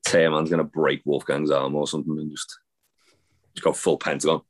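A man's voice: extremely low pitch, level tone, a little fast. A man co-hosting a casual podcast, rambling with lots of fillers and restarts. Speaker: podcast co-host. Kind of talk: casual wrestling chat.

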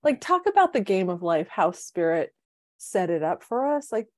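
A woman in her fifties, co-hosting a podcast as a life coach, telling stories with lively quoted voices. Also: medium pitch, moderate pace, no room sound. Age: 50s. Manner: animated storyteller, acts out quoted voices. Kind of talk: casual chat. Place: home, city.

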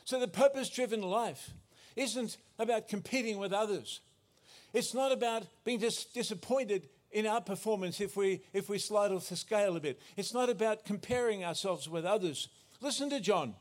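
A man's voice: high voice, normal speed. A man preaching a sermon as pastor, earnest, often restarting and correcting himself.

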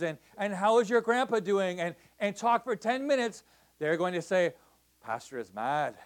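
A man preaching in a church as a missionary pastor, talking to the congregation in a conversational way with many restarts and "right?" checks. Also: high-pitched. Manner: conversational, repeats words, asks the crowd "right?". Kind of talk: sermon.

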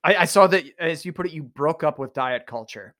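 A man's voice: fairly high pitch, fairly quick, fairly bright tone. A man hosting a podcast, an enthusiastic and playful interviewer who often restarts his sentences. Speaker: podcast host. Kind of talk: casual interview chat.

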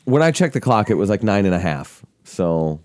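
A man's voice: fairly low pitch, sing-song, moderate pace, a little mellow. A man hosting a casual family podcast, playful and teasing, asking his kids lots of questions. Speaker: podcast host and father.

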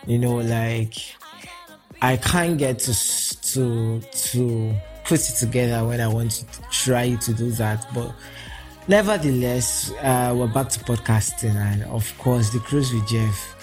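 A man's voice: medium pitch, steady tone, slow pace, a little mellow, soft background music. A man hosting his solo podcast, chatting casually and emotionally, rambling and restarting his sentences. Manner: emotional, rambling, self-interrupting. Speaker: podcast host.

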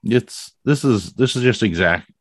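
Male podcast host, very low voice, loose rambling delivery, dry close mic. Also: lively intonation, a little slow, no room sound. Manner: rambling, frequent fillers. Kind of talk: casual conversation.

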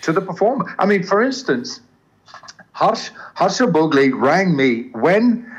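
An older man with a smooth English accent that carries traces of Southern African talks about his work as a commentator. His voice sits a little high, and he speaks with earnest emphasis and frequent restarts. The audio is dull and lo-fi. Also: sing-song, measured pace. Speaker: cricket commentator. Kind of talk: interview conversation.

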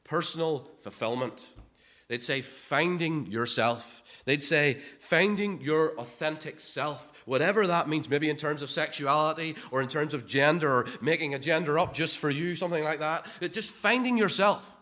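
A man's voice: fairly high pitch, normal speed, sharp tone. A man preaching a sermon in a conversational way, often repeating words and asking rhetorical questions.

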